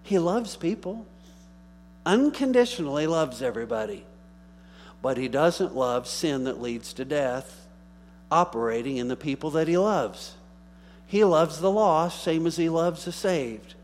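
A male pastor preaching a sermon, rising into emphatic bursts and dropping to quiet asides. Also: a little high, animated, a little slow. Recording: faint mains hum.

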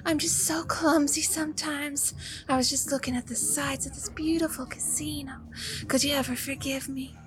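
A woman's voice: high-pitched, steady tone, moderate pace, voice pushed up, natural voice, low-quality recording. A woman voicing a coy female spy who plays clumsy and flirts in a sugary, apologetic way. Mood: coquettish.

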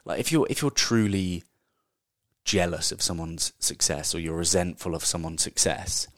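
A man's voice: deep voice, normal speed, no room sound, studio quality. A man hosting a casual solo podcast, talking in a chatty, candid way and swearing offhandedly. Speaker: podcast host.

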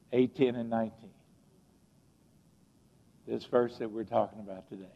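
Older man preaching in a reverberant church. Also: medium pitch. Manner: earnest, personal, emphatic preaching. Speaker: pastor. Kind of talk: sermon. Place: church sanctuary. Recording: dull, long-reverb church recording.

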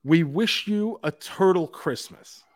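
A man co-hosting a casual pop culture podcast, animated and joking, with casual swearing. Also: on the high side, slow pace, no echo, studio quality. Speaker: podcast co-host.

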